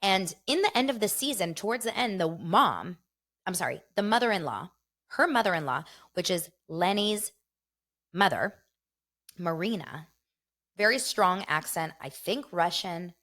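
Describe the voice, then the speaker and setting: A middle-aged woman hosting a casual gossip show, chatty and animated, talking straight to her viewers. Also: lowish voice, measured pace. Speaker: show host.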